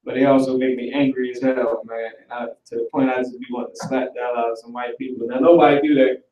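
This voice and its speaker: A man teaching an online Hebrew class in a casual, animated way, talking aloud as he works through the screen. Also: mid-range voice, quick pace, muffled recording. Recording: roomy recording from far off the mic.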